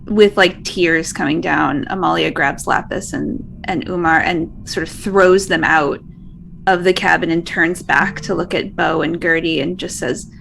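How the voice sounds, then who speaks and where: A woman's voice: on the low side, steady tone, measured pace, creaky, fairly bright tone, slight background noise, low-quality recording. A woman describing events in a tabletop game in a descriptive, emotional way. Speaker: player.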